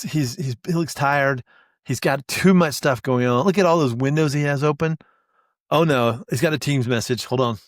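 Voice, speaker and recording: A man playing a male sports commentator calling the action in a comic sketch, shifting from hushed suspense to rising excitement. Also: mid-range voice, no echo, studio quality, close to an everyday voice.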